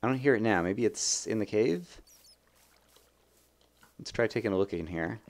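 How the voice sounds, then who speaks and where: A young man hosting a let's play, chatting and thinking aloud as he plays, with sudden bursts of excitement. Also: lowish voice, moderate pace. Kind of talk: gameplay commentary.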